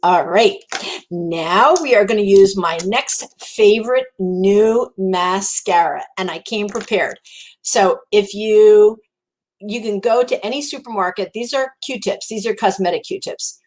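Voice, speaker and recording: A woman's voice: medium pitch, unhurried, a little mellow, low-quality recording. A woman with a New Jersey accent giving a live makeup tutorial in a chatty, encouraging way, repeating words for emphasis. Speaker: makeup demonstrator.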